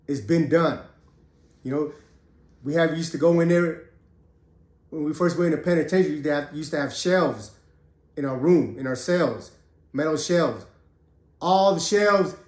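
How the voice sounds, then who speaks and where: A man's voice: on the high side, echoey room. Streetwise man telling a prison story. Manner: streetwise, profane, drawn-out pauses. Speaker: podcast host telling his own prison story. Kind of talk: casual storytelling monologue.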